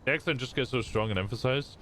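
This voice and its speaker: A man's voice: medium pitch, quick pace, a bit bright, slight background noise. A male streamer chatting casually out of character during a role-play stream, curious and swearing freely, often trailing off mid-sentence.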